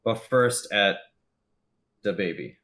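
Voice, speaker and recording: A man's voice: lowish voice, slow, fairly bright tone. A man running a tabletop game as game master, narrating loosely with lots of fillers and laughs.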